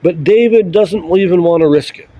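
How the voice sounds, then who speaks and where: A man with a fairly high but mellow voice reads verses aloud and then talks them over. His commentary is relaxed and casual, full of easygoing asides. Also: normal speed, no echo, poor audio. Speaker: scripture commentator. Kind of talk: scripture reading and commentary.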